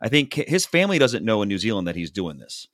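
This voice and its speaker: A man's voice: on the low side, fast talker, no room sound, studio quality. A man hosting a podcast, telling a reality-show recap in casual chat and acting out the people's lines. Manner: animated storytelling, acts out quotes from the show.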